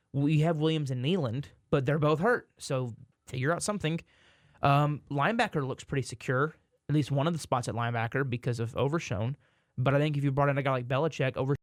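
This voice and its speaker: A man's voice: mid-range voice, no room sound, studio quality. A man, co-hosting a sports podcast in casual chat, rambling and correcting himself, sometimes exasperated.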